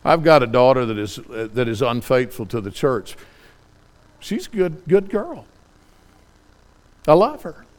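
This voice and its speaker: Impassioned preacher with a smooth voice. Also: male voice, medium pitch, big pitch swings, moderate pace. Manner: impassioned, rising pleas then quiet scripture reading. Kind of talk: sermon.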